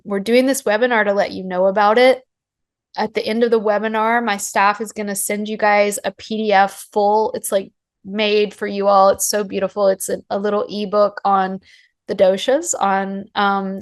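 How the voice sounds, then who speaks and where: A middle-aged woman teaching Ayurveda in a webinar talk. She speaks at a middle pitch, passionate and emphatic, and tells her stories with animated emphasis.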